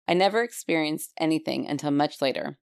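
A woman co-hosting a casual podcast, chatting and reading listener stories aloud with dramatic pauses. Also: deep voice, vocal fry, no room sound, studio quality. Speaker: podcast co-host.

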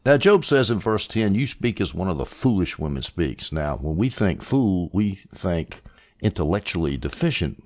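Lively deep-voiced preacher. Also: male voice. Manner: animated, sarcastic asides, swings between loud and hushed. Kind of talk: expository Bible teaching.

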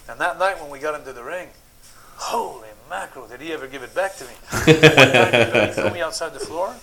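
Animated man telling wrestling stories. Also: fairly high pitch, a little fast, creaky, poor audio. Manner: animated anecdotes, acts out quotes. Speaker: guest, former wrestler. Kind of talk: casual storytelling on a podcast.

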